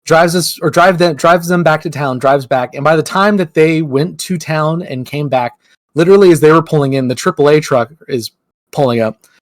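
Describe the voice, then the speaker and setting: Brief: young male podcast co-host, casual rambling storyteller, slightly high voice, dry close mic. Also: moderate pace, dry recording. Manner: rambling, lots of "like", acts out quotes.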